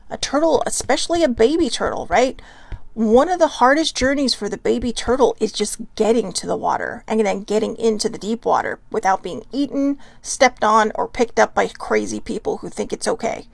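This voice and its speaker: A woman hosts a casual self-care pep talk in a chatty way, often tagging her points with a quick "right?". Her voice sits a little high and carries a heavy gravelly fry. The sound is dry and close, with no room around it. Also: dry recording. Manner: chatty, keeps asking "right?". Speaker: host.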